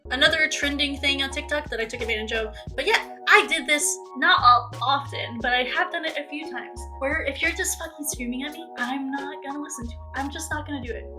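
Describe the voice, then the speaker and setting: A woman's voice: high-pitched, fairly quick, few pauses, music in the background, low-quality recording. A young woman hosting a video, ranting casually and incredulously with lots of swearing as she reacts to her old clips.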